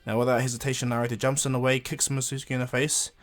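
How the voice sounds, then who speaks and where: A man's voice: mid-range voice, flat delivery, very fast. A man casually retelling a fan story, rambling with frequent fillers and restarts.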